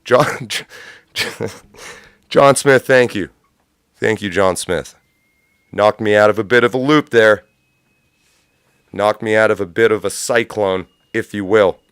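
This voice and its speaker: A man's voice: fairly low pitch, slow pace, pauses often, a bit bright, clear, resonant tone, no room sound, clean studio sound. A man hosting a livestream, ranting in a profane, sarcastic, rambling way. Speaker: livestream host. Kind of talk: unscripted livestream rant.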